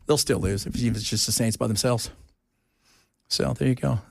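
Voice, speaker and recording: With vocal fry, a medium pitch, and a moderate pace, a man hosts a talk show in a radio studio. He jokes around with his co-hosts on air and mimics the voices of those he quotes.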